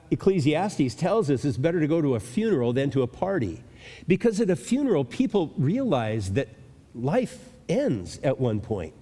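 A man's voice: fairly high pitch, dark tone. A male pastor teaching a sermon, explaining scripture with emphatic rhetorical questions. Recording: long reverb of a large hall.

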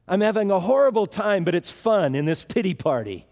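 A man's voice: high voice, animated, a little fast, a little mellow, voice pushed up. Sulking self-pitier mimicked by a male preacher, whiny, echoey hall. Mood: sulky. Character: self-pitying sulking person.

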